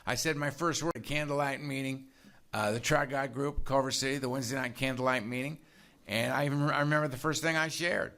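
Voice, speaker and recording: Bright-voiced man telling his recovery story. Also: mid-range voice, fairly even intonation, a little fast. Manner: candid storytelling, conversational, frequent "right?". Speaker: speaker at a recovery meeting. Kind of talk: personal recovery talk to an audience.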